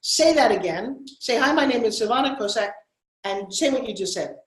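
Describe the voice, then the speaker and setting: A woman hosting a workshop, giving blunt, bossy coaching on someone's pitch. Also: expressive, moderate pace, reverberant, low-quality recording.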